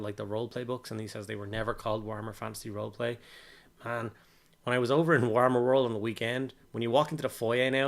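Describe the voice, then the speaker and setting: Gravelly chatty man streaming his hobby. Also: medium pitch, fairly bright tone. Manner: chatty, greets chat by name, jokey asides. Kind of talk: casual live-stream chat.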